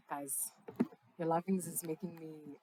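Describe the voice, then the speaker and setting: In a rough recording with a little hiss or hum, a young woman speaks slowly in a low, steady, dark-toned voice. She's a singer-songwriter chatting casually and affectionately between songs at a live session in her parents' backyard, using lots of slang and swearing freely.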